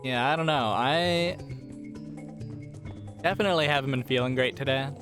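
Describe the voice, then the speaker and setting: A man's voice: medium pitch, normal speed. A man hosting a casual let's play, rambling and self-deprecating as he plays. He is losing his voice. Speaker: gaming channel host. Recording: game music playing under voice. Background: game music.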